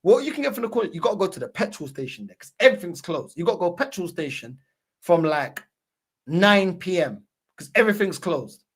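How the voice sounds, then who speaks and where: A man telling a story in casual chat, animated and laughing, with a lot of slang. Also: high-pitched, brisk, breathy edge.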